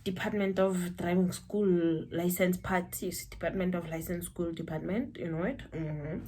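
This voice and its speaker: A young South African woman telling a personal story to camera, animated and breaking into high exclamations. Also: moderate pace, a little hiss or hum. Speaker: vlogger.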